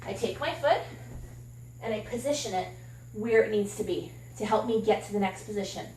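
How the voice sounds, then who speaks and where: A woman's voice: medium pitch, moderate pace, a little mellow, recorded from a distance, a little hiss or hum. Candid fitness coach woman, echoey room. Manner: encouraging, candid, talks while exercising. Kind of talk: casual workout demonstration.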